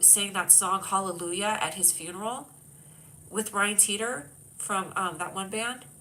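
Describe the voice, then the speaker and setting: A woman's voice: medium pitch, sharp tone, slight background noise, rough recording. A woman hosting a live stream, chatting casually and joking with her chat, her voice whiny from a stuffed-up nose. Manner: chatty, jokey, reads chat aloud. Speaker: livestream host.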